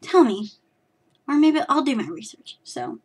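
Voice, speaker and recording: A woman's voice: on the high side, very animated, unhurried, slightly rough. A woman from California, hosting her knitting podcast in a rambling, self-deprecating chat full of fillers and restarts. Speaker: podcast host.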